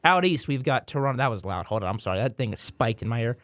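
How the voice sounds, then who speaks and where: A man's voice: medium pitch, expressive, fast talker, a bit bright, no echo. A man hosting a casual sports podcast, rambling through playoff picks with frequent restarts and repeated words. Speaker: podcast host.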